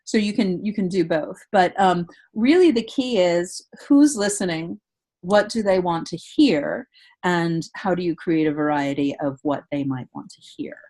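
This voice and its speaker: A woman's voice: fairly low pitch, a little slow, darkish tone. A woman hosting a webinar and giving casual voiceover advice, talking in chatty bursts with many restarts. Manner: chatty, with frequent restarts and fillers. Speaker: voiceover coach and webinar host.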